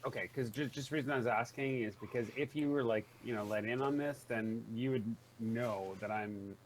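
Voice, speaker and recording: Man, mid pitch, polite, questioning, tabletop role-play chat, faint hum. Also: normal speed, low-quality recording. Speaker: player.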